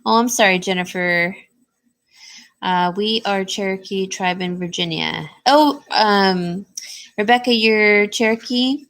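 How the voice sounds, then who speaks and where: Slow-talking woman hosting a jewelry sale. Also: fairly bright tone. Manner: chatty, reads and answers viewer comments; coos in a high baby voice to her dog. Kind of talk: casual live-stream sales chat.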